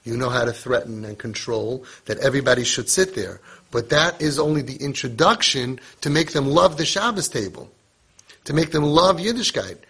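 Husky-voiced man giving a parenting lesson. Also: medium pitch, expressive, moderate pace, fairly bright tone. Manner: conversational, sprinkled with Hebrew and Yiddish terms. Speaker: parenting teacher. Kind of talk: casual spoken lesson.

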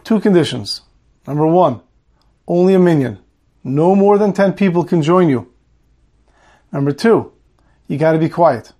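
A man's voice: on the high side, lively intonation, normal speed, pauses often, dark tone. A man voicing a stern, impatient hospital professor who speaks bluntly and scolds.

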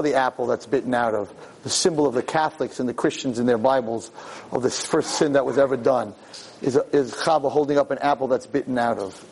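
A man lecturing as a rabbi in a Torah class, moving from quiet talk to loud, impassioned preaching before an audience. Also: medium pitch, slight background noise, low-quality recording.

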